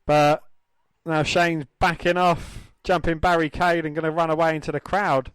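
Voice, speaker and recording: A man's voice: fairly high pitch, flat delivery, moderate pace, fairly bright tone, clean tone, dry recording. A man co-hosting a podcast, calling wrestling moves in a blunt, crude, casual way. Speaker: podcast co-host. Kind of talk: casual wrestling commentary chat.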